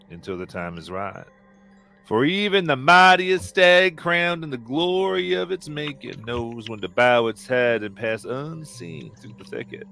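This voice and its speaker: A man voicing a fervent male preacher who gives a solemn, drawn-out closing sermon in a tabletop game. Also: bright, forceful tone, heavily acted. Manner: booming, drawn-out sermon delivery.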